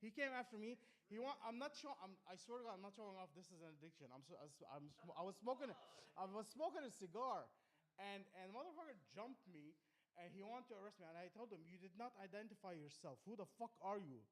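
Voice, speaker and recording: A man doing a rambling stand-up set, profane and defiant, swinging between loud outbursts and low muttering. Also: expressive, fast talker. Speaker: stand-up comedian. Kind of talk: rambling open-mic stand-up rant. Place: small comedy club.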